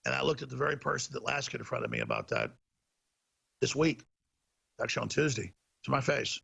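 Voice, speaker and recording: A man's voice: medium pitch, huge pitch swings, brisk, vocal fry, sharp tone, husky. A man hosting a talk show, delivering a heated, emphatic ranting monologue.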